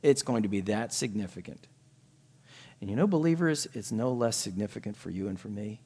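A man preaching a sermon, earnest, swinging from quiet asides to emphatic raised points. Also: on the low side, brisk, breathy edge.

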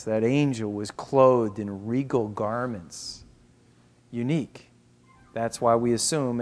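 Man preaching a sermon with dramatic whispers. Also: medium pitch. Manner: expressive preaching, drops to a whisper for emphasis. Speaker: pastor.

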